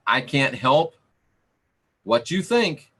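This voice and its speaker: A man giving a livestream sermon, slow and emphatic, repeating his phrases for weight. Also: medium pitch, very animated, bright, forceful tone, breathy edge. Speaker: preacher reading live chat.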